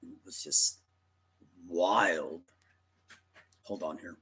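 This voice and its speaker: A man's voice: sits low, very slow, pushed and bright, slightly rough. A man telling a personal story in a rambling, dramatic way, often correcting himself mid-sentence.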